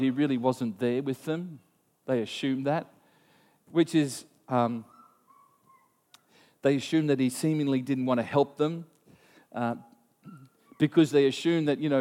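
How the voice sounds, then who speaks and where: A man preaching a sermon, telling a story in an animated way with frequent restarts. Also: medium pitch, a little slow, long pauses, long reverb tail. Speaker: pastor.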